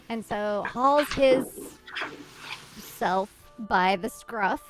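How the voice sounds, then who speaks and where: A woman's voice: fairly high pitch, slow pace, soft background music. A woman recapping a tabletop game in a chatty, giggly way, often interrupting herself.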